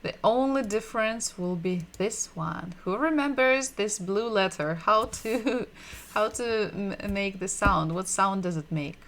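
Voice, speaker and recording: A woman giving a livestreamed language lesson, patiently repeating sounds and words slowly so learners can drill them. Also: medium pitch, a bit bright. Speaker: Russian language teacher.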